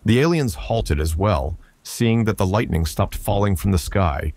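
A man narrating a science fiction story with a steady, even delivery. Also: on the low side, measured pace, no room sound. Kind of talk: scripted narration.

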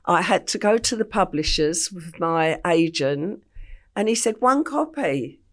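An older woman from England, a podcast guest recounting her life story in a plain, unhurried way with frequent ums. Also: on the low side.

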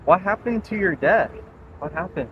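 A man's voice: high voice, lively intonation, moderate pace. Teasing young man calling to spirits. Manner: teasing, asking questions out loud to spirits. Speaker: ghost-hunting vlogger. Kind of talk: casual paranormal investigation chat. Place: outdoors at night near a school. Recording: dull lo-fi recording with clear street noise.

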